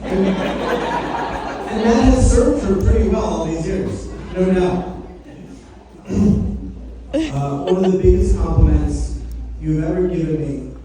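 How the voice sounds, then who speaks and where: A man's voice: high voice, takes it slowly, pauses often, crowd noise. A middle-aged man giving a heartfelt, joking wedding toast as father of the bride. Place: wedding reception hall. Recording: echoey hall from far off.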